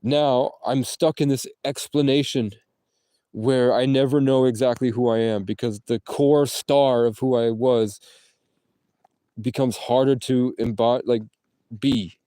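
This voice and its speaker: A man's voice: medium pitch, fairly even intonation, unhurried, warm tone, no room sound. Rambling man livestreaming from his car. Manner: rambling, profane, jumps between topics. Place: in and around a parked car, outdoors.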